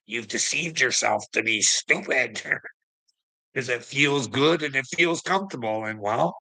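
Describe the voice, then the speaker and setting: Gravelly, angry ranting man. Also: mid-range voice, unhurried, sharp tone. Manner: angry, profane, mocking, laughs between lines. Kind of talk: ranting livestream talk.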